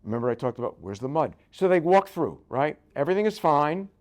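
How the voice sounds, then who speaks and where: A man's voice: a little high, big pitch swings, a little fast, darkish tone. An older man, a rabbi, giving a conversational Bible lecture full of jokes and asides, often checking in with "right?". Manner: joking, keeps asking "right?".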